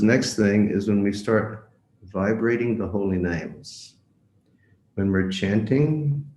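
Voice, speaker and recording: Man monk preaching, super slow, gravelly, roomy echo, keeps asking the crowd stuff. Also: lowish voice, warm tone. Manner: storytelling, repeats words for emphasis; asks the audience direct questions. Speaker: visiting monk lecturer. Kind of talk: devotional lecture.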